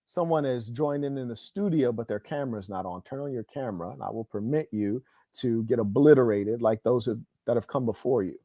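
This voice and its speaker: A man's voice: mid-range voice, brisk, hardly any pauses, mellow, dry recording, clean studio sound. A man hosting an online livestream, delivering a combative monologue in a boastful, scornful, preachy way. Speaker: online show host.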